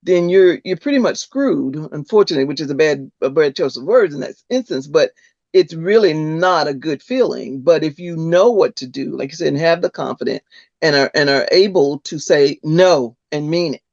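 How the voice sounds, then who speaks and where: A woman in her sixties hosting a podcast as an early childhood educator, telling stories in an animated way and often agreeing with her guest. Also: low voice, normal speed, gravelly, dry recording. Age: 60s. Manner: animated storyteller, agreeable back-channel replies. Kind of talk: casual interview chat. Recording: dull lo-fi dry sound.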